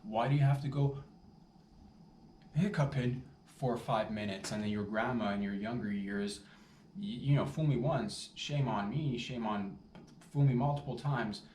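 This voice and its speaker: A man riffs loosely as a podcast host, swearing freely and wandering between tangents in a middle-pitched voice. He sits well back from the microphone, so his voice carries the ring of a roomy space, and a faint noise hums underneath. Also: unhurried. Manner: rambling, profane, animated asides. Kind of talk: rambling comedic podcast monologue. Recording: roomy, distant mic with faint background noise.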